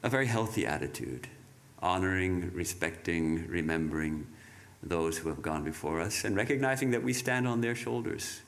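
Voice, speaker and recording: Man, monk, sermon, measured, reflective, halting restarts, low voice. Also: lively intonation, creaky. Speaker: monk giving a talk.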